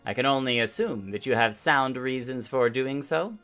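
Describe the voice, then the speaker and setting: A man's voice: medium pitch, moderate pace, a bit bright, soft background music, natural voice. A man reading out a stern, commanding woman admiral from a game, in a mock-formal tone. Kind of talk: reading game dialogue aloud.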